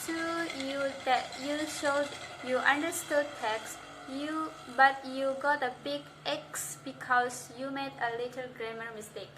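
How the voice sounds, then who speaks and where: A woman with a high, bright voice gives a talk from a stage in front of a live audience. She speaks English as her first language and delivers her points slowly and with emphasis, often turning to the crowd with direct questions. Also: soft background music. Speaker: conference speaker.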